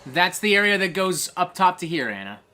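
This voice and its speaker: A foul-mouthed streamer hosting a casual live game stream, reading chat aloud between excitable rants. The voice swoops all over its range. It has a bright, forceful edge. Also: medium pitch, fairly quick. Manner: reads viewer chat aloud. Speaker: streamer host.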